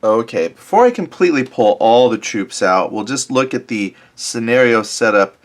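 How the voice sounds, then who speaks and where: A man hosting a casual board game let's-play, speaking in an ordinary middle-pitched voice. He thinks aloud, circles back to fix his own sentences, and drops wry, self-deprecating asides as he tours the maps. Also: animated, normal speed. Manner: chatty, thinking aloud with many self-corrections. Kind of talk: casual tabletop game walkthrough.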